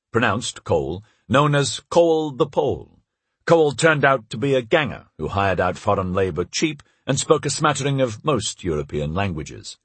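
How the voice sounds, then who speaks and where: A male audiobook narrator tells the story with a husky edge to his voice. His pitch moves expressively through each sentence, and he shifts only lightly for the characters' quoted lines. The recording is dry and close, with no room sound. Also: no room sound. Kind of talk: scripted narration.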